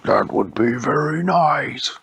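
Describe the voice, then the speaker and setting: A man's voice: mid-range voice, lively intonation, takes it slowly, gravelly, fairly bright tone, husky, voice pushed up, full character voice. A man voicing a whimpering pink robot ape.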